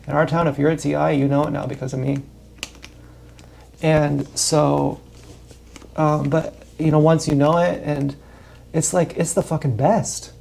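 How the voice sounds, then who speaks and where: A man's voice: a little high, flat delivery, unhurried, gravelly, pauses often, a little mellow, a little hiss or hum. A man livestreaming a rambling, profane, meandering monologue with emphatic bursts.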